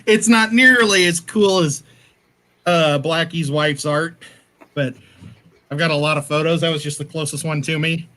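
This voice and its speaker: A male livestream guest with a bright, forward voice that sits a little high for a man. He talks in a chatty, giggly, scattered way in a casual livestream. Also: normal speed.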